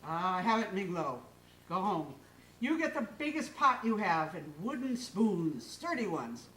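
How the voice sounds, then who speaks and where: A slow, pondering old wise man with a deep, unhurried voice, as a woman storyteller puts him on. He is heard from far off in an echoey hall at a live show. A faint hum sits underneath. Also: sing-song, fairly bright tone.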